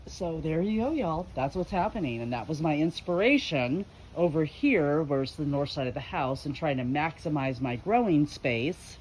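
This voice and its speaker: Recorded on a handheld camera out in her backyard, this garden vlogger is a middle-aged woman whose voice sits low with a darkish tone. Her talk is chatty and folksy, wandering with fillers, and there's slight background noise.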